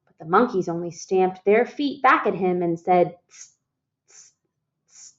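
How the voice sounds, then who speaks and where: A woman reading a picture book aloud to children, expressive, calling her listeners "friends" and asking them questions. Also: fairly low pitch, normal speed, highs cut off. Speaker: storytime reader.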